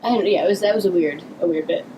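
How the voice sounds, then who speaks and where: Woman, casual fan commentary, giggly, frequent laughter, faint rumble behind. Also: rapid-fire. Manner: giggly, laughs often, restarts sentences. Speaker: podcast co-host.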